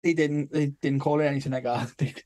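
A man's voice: fairly high pitch, fairly even intonation, brisk, dark tone. A young man co-hosting a podcast, telling rambling stories in casual chat, swearing freely and laughing through them. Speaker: podcast co-host.

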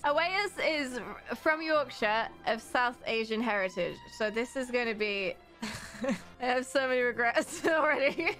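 A woman's voice: sits high, a bit bright. A young woman in her twenties chatting casually on a charity livestream, bubbly and self-mocking, laughing often. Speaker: streamer hosting a charity stream.

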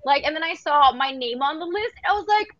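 A young woman hosting a livestream battle, excitable and gushing, with quick laughs, over dull lo-fi phone audio. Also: high voice, no echo.

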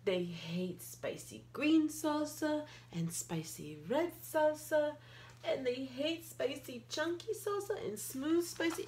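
A woman reading a picture book aloud to a child, playful, with gasps and excited outbursts. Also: high-pitched, a little hiss or hum. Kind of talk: animated read-aloud storytelling.

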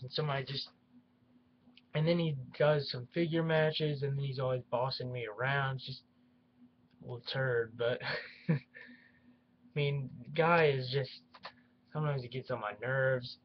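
A man's voice: mid-range voice, fairly even intonation, moderate pace, pauses often, dull audio, a little hiss or hum. A young man ranting in a vlog, complaining and repeating himself with many restarts, recorded at home. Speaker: YouTube reviewer. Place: at home near his action figure collection.

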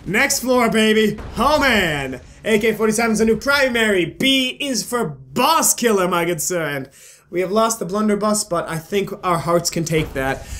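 A man's voice: sits high, expressive, moderate pace, fairly bright tone, slight background noise. A young man hosting a gaming channel, rambling and joking with plenty of swearing as he comments on his play. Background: faint game music.

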